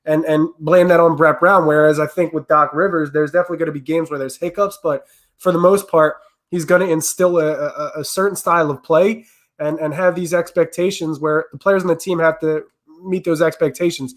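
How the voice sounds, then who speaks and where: A man co-hosting a sports podcast who explains his points in a steady, casual way. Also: a little high, a little fast. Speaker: podcast co-host.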